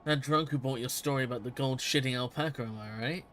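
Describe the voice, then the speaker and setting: A man voicing a rough, scoffing male bandit from a game, in a gruff drawl. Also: medium pitch, fast, a bit bright, slight background noise, close to an everyday voice.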